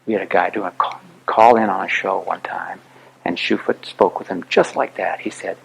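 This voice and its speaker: A man's voice: low voice, fairly even intonation, normal speed, creaky, slight background noise, poor audio. A man giving an earnest, emphatic public talk to an audience as an author and speaker.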